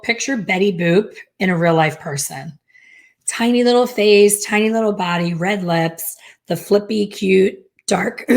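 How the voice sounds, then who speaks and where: A middle-aged woman telling a personal story as a hair color educator, lively and acting out the dialogue she quotes. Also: medium pitch.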